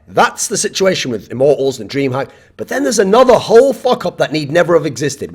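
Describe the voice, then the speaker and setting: A man's voice: fairly high pitch, breathy edge. A man delivering a blunt, profane opinion rant as an esports commentator.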